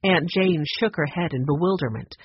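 A man's voice: fairly high pitch, moderate pace, husky, no room sound, lo-fi sound. A man narrating an audiobook, voicing each character in turn. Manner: acts out each character with a changed voice. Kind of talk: scripted narration.

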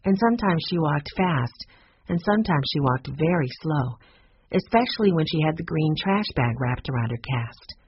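A storybook reader voicing a calm, clever girl who explains the clues. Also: mid-range voice, normal speed, breathy edge, no echo, dull audio. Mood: explaining.

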